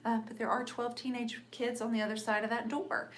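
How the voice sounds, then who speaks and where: A middle-aged woman hosting a live painting show, chatting warmly and encouraging viewers, calling them sister and honey. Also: a little high, flat delivery, brisk. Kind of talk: live painting stream chat. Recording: echoey room with faint noise.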